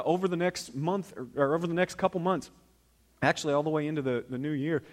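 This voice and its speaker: Candid man preaching with big swings. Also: a little high. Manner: candid, conversational preaching with laughs and swings from soft to loud. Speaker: pastor. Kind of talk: sermon.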